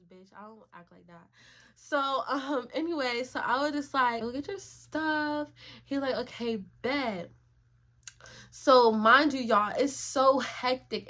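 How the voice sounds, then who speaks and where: A young woman vlogging a story in a casual, slangy way, acting out what people said. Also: high-pitched. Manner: animated, slangy, acts out quotes.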